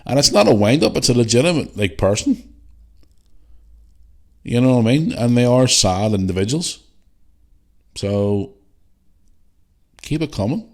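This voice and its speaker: A man's voice: medium pitch, sing-song, measured pace, pauses often, darkish tone. A Northern Irish man hosting a podcast, ranting bluntly and animatedly with heavy swearing. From Northern Ireland. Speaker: podcast host. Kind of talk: casual podcast rant.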